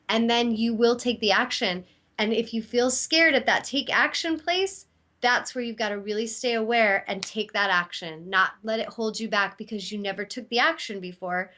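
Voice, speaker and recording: A woman's voice: on the high side, fairly bright tone. A middle-aged woman, host and intuitive healer, giving an earnest, encouraging self-help talk and acting out inner dialogue.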